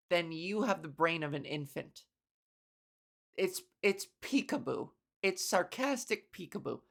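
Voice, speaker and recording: A woman's voice: medium pitch, vocal fry. Woman comedian ranting on her podcast. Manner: profane, sarcastic ranting with quick laughs. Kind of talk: casual solo podcast rant.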